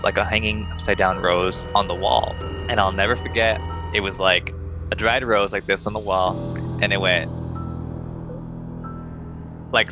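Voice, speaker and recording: A young man casually telling a ghost story on a podcast, acting out quoted lines in a higher voice. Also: rough recording. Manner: animated, acts out quoted dialogue in a higher voice.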